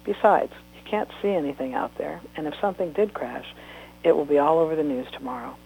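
Woman reading as a tired young mother, calm, firm, storybook reading, faint hum. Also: deep voice, a little fast, vocal fry, poor audio.

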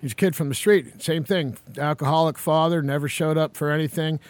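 A man's voice: on the high side, fairly even intonation, fairly quick, dry recording. A man hosting a radio talk show, praising a guest author in an enthusiastic, casual way with stumbling restarts. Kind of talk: casual interview.

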